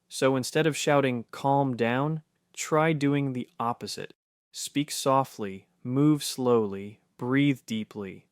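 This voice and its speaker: A man reading a scripted narration in a soft, steady, reassuring way. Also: mid-range voice, no room sound, clean studio sound.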